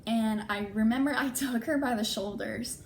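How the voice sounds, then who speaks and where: A woman's voice: on the high side, moderate pace, slight background noise. A young adult woman vlogger telling a personal story in a casual way, acting out what people said and often saying "like". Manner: animated, acts out quoted dialogue, frequent "like".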